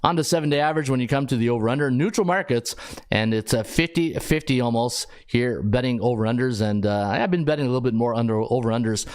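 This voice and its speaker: A man's voice: medium pitch, quick pace, a little mellow. A middle-aged man with a Canadian accent hosting a sports betting podcast, chatting to viewers by name between rattled-off stats. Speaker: host, sports handicapper.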